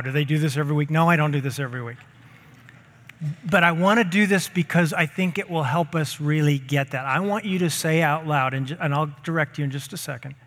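A man's voice: a little high, a bit bright, big-room sound. A man preaching a sermon as pastor, speaking emphatically, repeating key phrases and leading the congregation to speak lines back. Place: church sanctuary.

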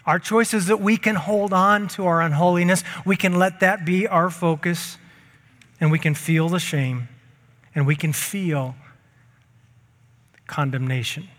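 A man's voice: high voice, steady tone, a little slow, long pauses, fairly bright tone, big-room sound. A man preaching a sermon as pastor, speaking emphatically, repeating key phrases and leading the congregation to speak lines back. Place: church sanctuary.

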